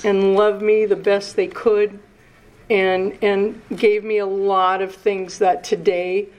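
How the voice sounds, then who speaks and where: A woman in her sixties sharing her recovery story at a meeting, nervous and emotional, halting and starting over, with the odd curse. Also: medium pitch, level tone, a little mellow, low-quality recording. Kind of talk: personal recovery share.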